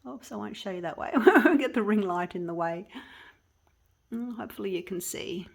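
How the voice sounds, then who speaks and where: Aussie woman doing a chatty resin craft vlog at home, talks to viewers while she works, trails off and restarts a lot, mid-pitched voice. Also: normal speed, creaky. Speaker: resin craft channel host. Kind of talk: casual tutorial vlog.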